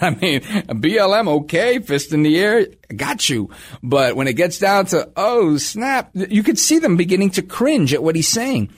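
Male radio host, middle-aged, sarcastic ranting commentary, slightly high voice. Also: very animated, normal speed, breathy edge. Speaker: radio talk show host.

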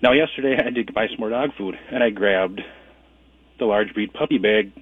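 Guy calling a radio show, lowish husky voice, tinny phone sound. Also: fairly quick. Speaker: caller.

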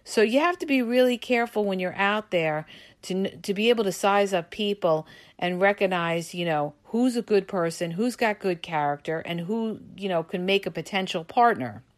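A woman's voice: medium pitch, moderate pace. A woman hosting a podcast, giving emphatic, coaching advice to listeners, checking in often with "okay?" and "all right?". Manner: addresses listeners as "you guys". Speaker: podcast host. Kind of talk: casual advice monologue.

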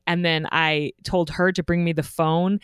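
A woman hosting a podcast, telling a childhood story in a lively way with frequent laughter. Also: lowish voice, a little slow, clear, resonant tone, no echo, clean studio sound. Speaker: podcast host. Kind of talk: podcast interview.

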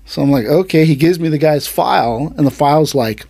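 In a clean studio recording with no echo, an aikido instructor hosting a martial arts podcast narrates a story during a laid-back chat. He speaks a little fast in a slightly high voice that's both gravelly and breathy, bringing the quotes to life as an animated storyteller.

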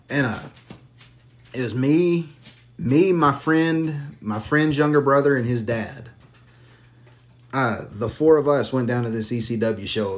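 A man hosting a casual podcast who tells long, profane, animated stories. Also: mid-range voice. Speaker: podcast host.

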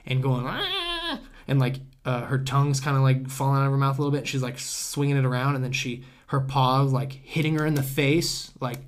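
A young man talks in a mid-pitched, everyday voice as a guest on a casual podcast. He rambles and circles back, drops "dude" and "bro" into most sentences, and swears without thinking about it. The feel is relaxed and conversational, like a story told to a friend. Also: brisk, hardly any pauses.

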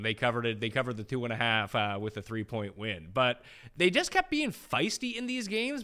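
A man in his thirties co-hosting a casual sports betting chat, animated and joking. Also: fairly high pitch.

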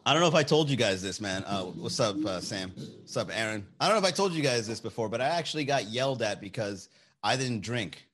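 Young man, casual storytelling host, very expressive pitch, bright tone, profane and animated. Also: brisk, slight background noise. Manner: animated, profane, acts out quotes in a raised voice.

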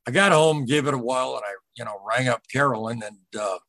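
A man talking as a podcast guest, telling a personal story in an earnest, halting way and often retelling what people said. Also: mid-range voice, gravelly, fairly bright tone, no room sound. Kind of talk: casual first-person storytelling.

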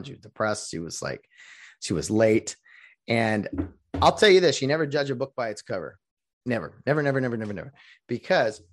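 A man who works as a rideshare driver, talking casually in a rambling vlog monologue. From California. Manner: rambling, restarts often, lively pitch.

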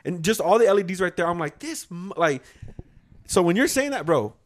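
A young man telling a story on a casual podcast, quick and full of swagger. His voice sits a little high and leaps around as he acts out both sides of an argument, swearing freely. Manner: animated, profane, acts out quotes. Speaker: podcast co-host.

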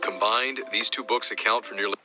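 A man calmly narrating soldiers' eerie accounts in a scripted storytelling style. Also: lowish voice, fairly quick, music in the background, low-quality recording. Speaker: narrator of a military paranormal podcast.

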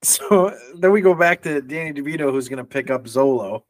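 A man's voice: a little high, animated, a little fast, no room sound. A man co-hosting a podcast, recapping movie scenes in an easygoing way with frequent chuckles. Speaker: podcast co-host. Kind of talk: casual movie review chat.

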